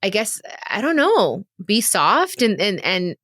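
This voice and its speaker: A woman's voice: mid-range voice, very animated, slow pace, fairly bright tone, no room sound. Candid woman podcast host, dry mic. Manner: emotional, confiding, addresses listeners directly. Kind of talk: candid casual chat.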